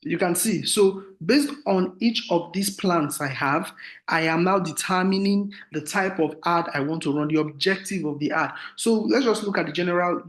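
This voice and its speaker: A man with a fairly high voice gives an online lesson over a video call. He walks through each point patiently, sharing his screen as he goes. He often pauses to ask the class if they understand. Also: a bit bright. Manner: explanatory, often checks with "do you understand?". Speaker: marketing instructor.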